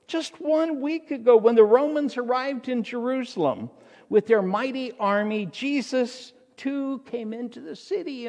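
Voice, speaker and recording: A man's voice: extremely high pitch, gravelly, darkish tone, big-room sound, pitched above the performer's own voice, full character voice. A pastor voicing a grieving, earnest male disciple who recounts events in a raised voice, in a sermon.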